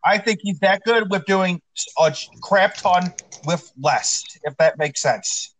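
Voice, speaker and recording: A man on a football talk show, arguing emphatically and repeating his points, clearly fired up. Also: high voice, slow, fairly bright tone, rough recording. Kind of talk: heated sports debate.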